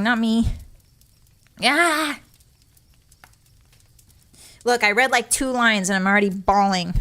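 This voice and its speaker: A young woman talks casually to her stream audience, her voice sitting a little high. She is chatty and emotional, giggling through her words. She speaks into a close desk microphone. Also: moderate pace, pauses often, bright, forceful tone. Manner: chatty, emotional, reads chat aloud, giggly. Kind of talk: casual live-stream chat.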